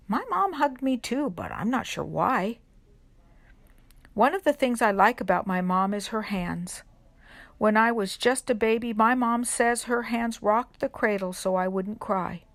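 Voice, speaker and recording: Gentle woman reading a children's story. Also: fairly high pitch. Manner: gentle, unhurried, pausing on questions to children. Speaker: reader at a children's worship service. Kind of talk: reading a children's picture book aloud.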